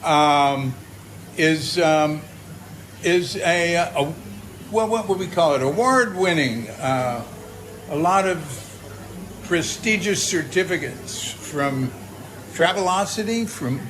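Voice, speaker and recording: Older male host, chatty and encouraging, slightly high voice, faint outdoor hiss. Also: expressive, takes it slowly, pauses often. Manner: chatty, encouraging, many fillers. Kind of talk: casual interview. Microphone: iPhone held by speaker.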